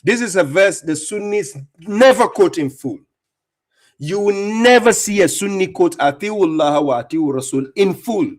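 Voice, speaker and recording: A man's voice: high-pitched, lively intonation, fast. A man hosting a live stream, commenting on clips and talking to viewers in a mocking, insistent way with lots of repetition. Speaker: livestream host reacting to clips.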